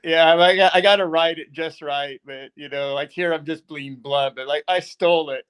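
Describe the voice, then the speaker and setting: Man, podcast guest, higher voice, smooth and clear, rambling, chuckling. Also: steady tone, normal speed, a bit bright. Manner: rambling, chuckling, says "like" and "dude". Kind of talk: casual interview storytelling.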